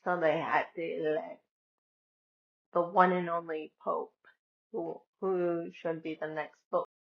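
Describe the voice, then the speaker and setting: A woman vlogging casually, talking slowly and quoting what everyone said along the way. Her voice has a gravelly, creaky edge, and the sound is dull and lo-fi. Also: fairly low pitch, level tone. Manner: chatty, retells conversations with many "I'm like" quotes. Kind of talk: casual personal storytelling.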